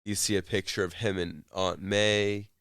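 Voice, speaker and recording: Male co-host, deep and smooth, chatty recap, dry close sound. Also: flat delivery, moderate pace, fairly bright tone, dry recording. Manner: rambling retelling with fillers and laughs. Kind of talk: casual chat.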